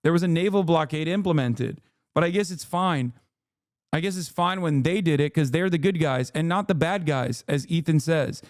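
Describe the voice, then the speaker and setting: Hoarse guy ranting on his stream, swearing a ton, sarcastic, kinda high voice, dry close mic. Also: normal speed, no room sound. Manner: angry, swearing, sarcastic rants. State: losing his voice. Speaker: streamer reacting to a video. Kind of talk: heated livestream commentary.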